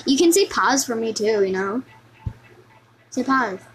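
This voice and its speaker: A woman giving lively, exclamatory commentary over her gameplay, often repeating words in a sing-song way. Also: fairly high pitch, moderate pace, faint music behind, low-quality recording. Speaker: gaming video host.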